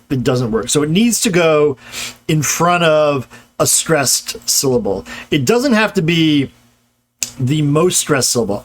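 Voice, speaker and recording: A man giving a casual grammar lecture, explaining step by step and tagging his points with "right?" as his voice drops low. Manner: loose explanatory talk, tags points with "right?" and trails lower.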